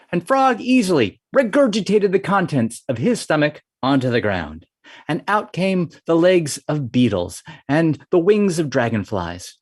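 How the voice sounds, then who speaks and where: Male folktale storyteller, lively pitch swings, dry close sound. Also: dry recording. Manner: animated, varied delivery.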